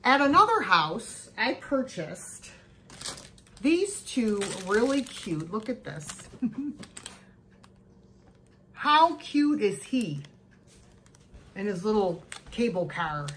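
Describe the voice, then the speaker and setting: A woman's voice: mid-range voice, sing-song, slow, fairly bright tone, a little hiss or hum. A woman chatting casually to camera as she shows her yard sale haul, gushing over each cute find. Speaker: thrift haul vlogger. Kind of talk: casual show-and-tell chat.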